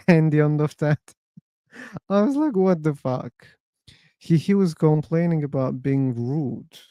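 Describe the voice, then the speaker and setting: Male host of an online chat room; slow, rambling, mildly higher-pitched storyteller who laughs and swears. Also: lively intonation, dark tone, no echo, muffled recording. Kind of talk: casual chat.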